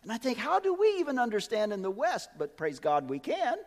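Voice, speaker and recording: A man preaching a sermon in a high, ringing voice. He talks with strong emphasis, dropping to quiet asides and climbing to loud peaks. His voice carries a long reverb, as from a large hall. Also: huge pitch swings, a little fast.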